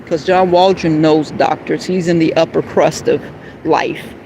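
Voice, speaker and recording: A woman in an emotional, rambling live-stream monologue, heated and confrontational at times, then soft and apologetic. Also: sits low, steady tone, unhurried, slight background noise, poor audio. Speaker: livestreamer.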